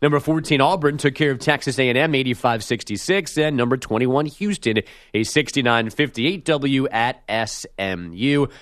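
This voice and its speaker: A man reading a quick sports news update on a radio show. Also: mid-range voice, fairly bright tone, dry recording, clean studio sound.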